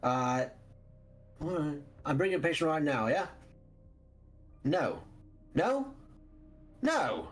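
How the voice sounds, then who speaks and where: A man's voice: fairly high pitch, sing-song, slow, long pauses, faint music behind, exaggerated voice. A man voicing a brusque, streetwise male vampire driver who barks curt orders. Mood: impatient. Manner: curt orders, rough slang.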